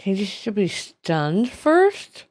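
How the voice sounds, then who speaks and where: A woman's voice: mid-range voice, sing-song, drawn-out words, a little mellow. A woman streaming a video game, commenting live and often exclaiming and squealing as she plays.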